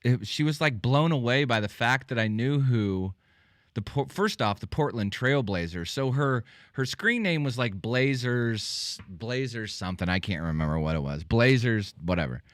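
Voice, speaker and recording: A man's voice: medium pitch, animated, normal speed, a bit bright, no echo. A man hosting a podcast, telling casual rambling anecdotes full of fillers and restarts. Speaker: podcast host. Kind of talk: casual chat, storytelling.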